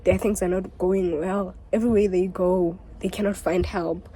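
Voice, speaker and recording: A woman's voice: on the low side, fairly even intonation, normal speed, mellow, breathy edge, low-quality recording. A young South African woman vlogging candidly and emotionally, switching languages mid-sentence and repeating herself. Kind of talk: candid confessional vlog.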